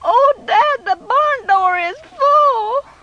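A woman voicing a remorseful young boy who speaks in a high, tearful, halting voice. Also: pushed and bright, dry recording, dull audio, heavily acted.

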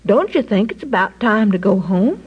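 A woman's voice: medium pitch, expressive, normal speed, breathy edge, highs cut off, voice pushed down. Woman doing a kind fatherly policeman. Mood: kindly.

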